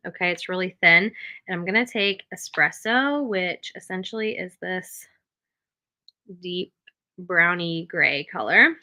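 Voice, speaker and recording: A woman's voice: lowish voice, pushed and bright, dull audio. A woman giving a step-by-step makeup tutorial, talking the viewer through each move and checking in with a frequent "okay?".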